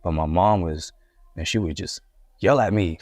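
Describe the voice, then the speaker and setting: A man's voice: deep voice, moderate pace, darkish tone, no room sound. A young man from Puerto Rico, a guest hip-hop artist, tells his life story in a candid, rambling way with many restarts. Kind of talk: casual interview storytelling.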